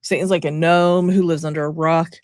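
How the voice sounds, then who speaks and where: A woman commentary vlogger talks to her viewers from home, offering casual reaction commentary that's sarcastic, exasperated, and chatty. Her deep voice is flat and fairly quick, recorded cleanly in a studio-like setting with no room sound.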